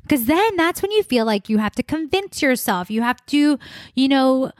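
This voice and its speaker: A young adult woman hosts a solo wellness podcast in a bright, conversational tone, leaning on repetition to make her points. Her voice sits a little high. The sound is close and dry, with no room around it. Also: animated, moderate pace, dry recording. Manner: upbeat, conversational, repeats words for emphasis. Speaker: podcast host, wellness coach.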